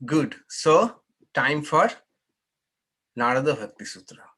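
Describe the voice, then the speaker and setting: A man's voice: a little high, sing-song, takes it slowly, bright, forceful tone. A man, a monk, teaching a scripture class in a patient, explanatory way and inviting questions and corrections. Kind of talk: unhurried scripture class talk with Q&A.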